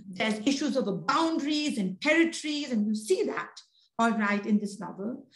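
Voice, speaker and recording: A woman's voice: on the high side, expressive, moderate pace, reverberant, poor audio. A woman lecturing on literature, chatty and conversational with many fillers.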